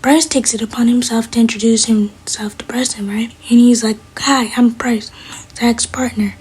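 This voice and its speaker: A woman's voice: fairly high pitch, steady tone, normal speed, a little mellow, husky. A woman casually recapping a TV episode, retelling the scenes through paraphrased quotes in a half-whispered delivery. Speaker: TV recap vlogger.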